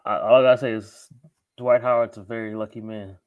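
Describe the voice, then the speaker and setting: A man's voice: fairly low pitch, steady tone, a little fast, phone-quality sound. A man co-hosting a podcast, chatting casually in a laid-back way and steering the topics. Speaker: podcast co-host.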